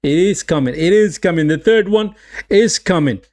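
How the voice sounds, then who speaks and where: High-voiced excitable football streamer man. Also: moderate pace. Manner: excitable, repeats his phrases, reads chat aloud. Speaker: watch-along streamer. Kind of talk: live football watch-along commentary.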